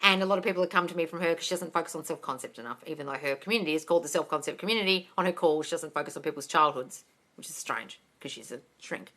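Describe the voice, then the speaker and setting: A woman hosting a casual live Q&A as a manifestation coach, chatty and animated, swearing freely and laughing often. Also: deep voice, racing. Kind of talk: casual live-stream chat.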